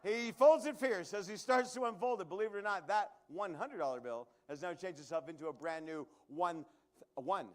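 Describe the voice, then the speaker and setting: High-pitched guy doing a comedy magic act on stage, joking with the crowd between tricks. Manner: joking, quick asides to the crowd. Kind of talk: live stand-up magic act.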